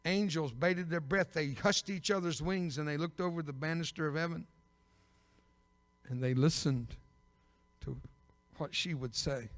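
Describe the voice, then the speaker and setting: An older man preaching a personal testimony sermon as an evangelist, telling his story with bursts of loud emphasis and dry humor. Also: fairly high pitch, a little slow, pauses often. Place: church sanctuary. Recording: long reverb of a big church.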